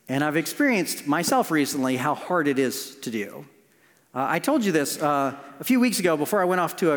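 A man preaching a sermon as pastor, telling stories with restarts and moving between lively and hushed passages. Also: on the high side. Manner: storytelling with frequent restarts, swinging between animated and hushed. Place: church sanctuary. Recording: long church reverb.

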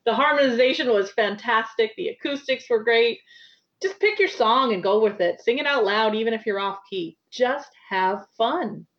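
A woman's voice: a little high, animated, moderate pace. American woman on a muffled call. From United States. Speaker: guest, pilgrim. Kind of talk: casual interview chat.

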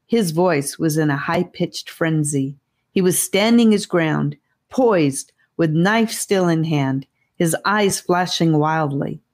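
A woman reading an audiobook chapter aloud in a steady, expressive way. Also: low voice, slow pace. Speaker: audiobook reader. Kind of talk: audiobook narration.

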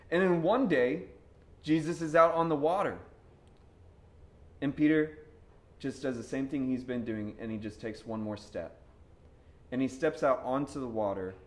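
A young man preaching a sermon in a conversational, animated way, telling stories with slang and bursts of shouting. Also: fairly high pitch.

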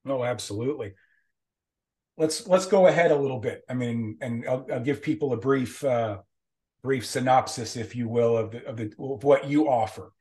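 A man's voice: mid-range voice, normal speed, a little mellow. A man hosting a casual interview, repeating words as he sets up his questions. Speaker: interview host.

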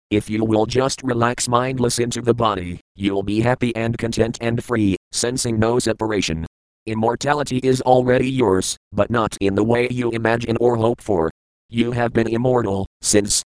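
A man reading the lines of a calm, blunt old male spiritual mentor in an audiobook, firm and patient in a lecturing way. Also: mid-range voice, clear, resonant tone, no echo, close to an everyday voice, poor audio.

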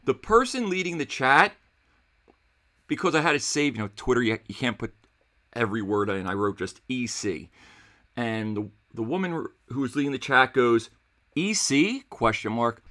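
A man who teaches seventh grade history, telling a story in a casual, animated way and acting out the dialogue. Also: mid-range voice, moderate pace. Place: New Jersey.

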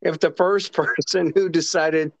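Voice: medium pitch, creaky, no room sound. A podcast co-host chatting casually and joking. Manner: slow, lively, joking. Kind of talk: casual chat.

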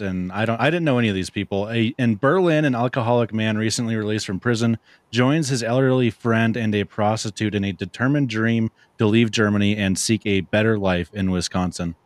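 A young man hosting a podcast in casual chat, relaxed and rambling, often laughing. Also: lowish voice, fairly quick, no room sound. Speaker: podcast host.

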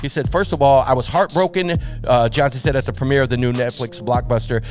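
A man's voice: mid-range voice, fast talker, soft background music. A man co-hosting a morning live stream, bantering casually and reading news bits aloud with frequent laughs. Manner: animated, laughs often, reads news items aloud. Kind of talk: casual radio-style banter.

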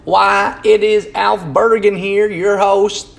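Rowdy hillbilly country man, exaggerated Southern US drawl, high and gravelly, loud. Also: little pitch movement, takes it slowly, full character voice. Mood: folksy. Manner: drawling, boisterous, folksy. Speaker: host.

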